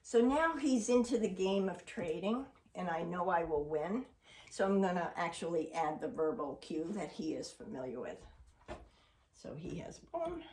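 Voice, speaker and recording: A woman dog trainer with a slightly mellow voice on the low side patiently explains a training exercise and speaks affectionately to her dog, giving commentary on a demonstration. A distant mic makes the sound roomy.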